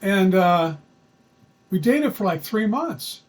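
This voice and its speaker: In casual personal storytelling, a man recounts something that really happened to him, folksy and talkative, with lots of fillers and false starts. His high voice swings widely in pitch and moves slowly over a rough recording.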